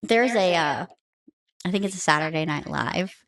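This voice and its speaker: A woman in her thirties co-hosting a podcast in casual chat, animated and blunt, laughing often. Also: lowish voice, normal speed. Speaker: podcast co-host.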